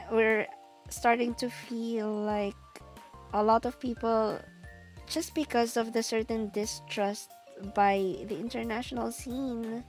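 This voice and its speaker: A woman with a Filipino accent, a streamer co-host talking slowly and thoughtfully in casual chat that mixes English and Tagalog. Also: fairly high pitch, poor audio.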